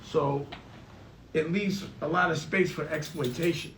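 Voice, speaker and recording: A man's voice: a little high, steady tone, a little slow, a bit bright, distant mic. A man in a casual studio conversation, talking in a laid-back, slangy way that trails off and restarts. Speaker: studio owner talking business. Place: studio room. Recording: roomy sound from off-mic, faint noise.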